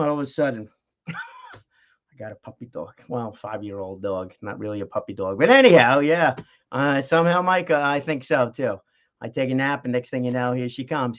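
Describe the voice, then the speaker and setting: Middle-aged guy rambling on his vlog, lots of uhs, kinda dull muffled audio. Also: medium pitch. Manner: rambling, chatty, frequent fillers and laughs. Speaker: vlogger. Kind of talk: casual vlog monologue. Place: home, with a dog nearby.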